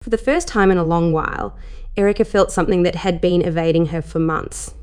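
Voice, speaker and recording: A woman narrating an adult story in a soft, steady reading voice as the channel host. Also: on the low side, a little fast, clean tone.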